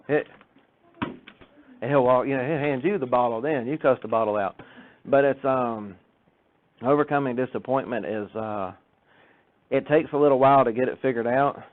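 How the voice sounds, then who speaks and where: At a normal speed with long pauses, a medium-pitched man gives a friendly church talk, cracking jokes and acting out characters from his stories. The audio has a tinny, phone-like quality.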